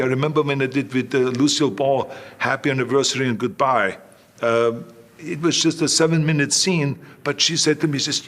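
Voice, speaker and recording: An older man speaks as an interview guest at an everyday pitch. He tells his stories emphatically, repeating himself and acting out bits of dialogue. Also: a bit bright. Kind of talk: anecdotal storytelling in an interview.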